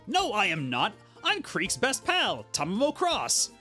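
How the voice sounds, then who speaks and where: A man's voice: high voice, huge pitch swings, a little slow, pushed and bright, soft background music, pitched above the performer's own voice, exaggerated voice. A man voicing a sassy, cocky teen horse-girl rival from a game, brash and teasing. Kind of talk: reading game dialogue aloud.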